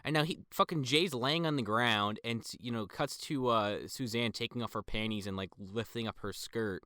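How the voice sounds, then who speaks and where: Man, podcast co-host, plot recap, swearing, bright tone, dry mic. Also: mid-range voice, moderate pace, smooth, no room sound. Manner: plot-summarizing, swearing, a little apologetic. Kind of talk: casual podcast chat.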